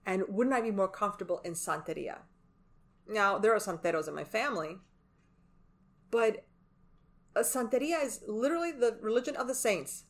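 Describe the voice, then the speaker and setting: Animated woman podcast co-host. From Latin American heritage. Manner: animated, emphatic, quick swings in pitch. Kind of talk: casual chat.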